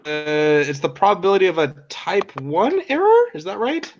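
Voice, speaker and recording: A young man steering a student study group on a call, brisk and lightly wry. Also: high voice, wildly swooping pitch. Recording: dull audio with faint noise.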